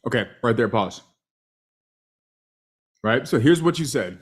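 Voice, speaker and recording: A man's voice: medium pitch, measured pace, pauses often, husky. A man coaching a sales rep, talking emphatically and checking in with "right?" all the time. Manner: emphatic, animated, asks "right?" constantly. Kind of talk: coaching call review.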